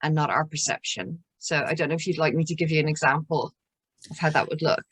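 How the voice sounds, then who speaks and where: A woman's voice: sits low, fairly even intonation, fast talker, a bit bright, husky. An Irish woman counsellor explaining child emotions in an interview, acting out little scenes as she goes. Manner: explanatory, acts out little scenes with soothing voices.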